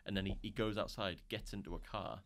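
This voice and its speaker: A young man from Scotland, co-hosting a casual film podcast, rambling, swearing freely and acting out scenes in quick voices. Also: sits low, steady tone, a bit bright. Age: young adult. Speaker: podcast co-host.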